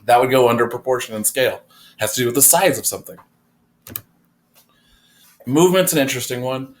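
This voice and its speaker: A man's voice: mid-range voice, a little fast. A man teaching an art class, explaining design principles in a casual, conversational way with fillers, recorded in a classroom. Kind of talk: classroom lecture.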